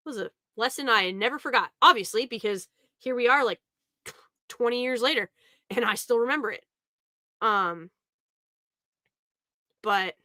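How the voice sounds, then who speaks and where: A woman's voice: mid-range voice, sharp tone, no room sound, studio quality. A young woman telling a family story in a casual, rambling way, often laughing as she talks. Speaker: podcast host.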